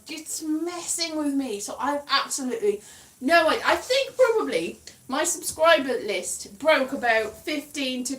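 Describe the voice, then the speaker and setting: A woman's voice: high-pitched, fairly bright tone, roomy sound, distant mic. A woman from Wales chatting casually on a livestream, rambling and poking fun at herself with frequent giggles. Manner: rambling, self-mocking, giggly. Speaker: comedian.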